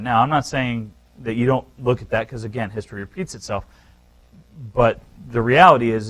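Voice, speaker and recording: A man teaching a live real estate seminar, talking straight to the room with animated, emphatic delivery and frequent restarts. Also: medium pitch, low-quality recording.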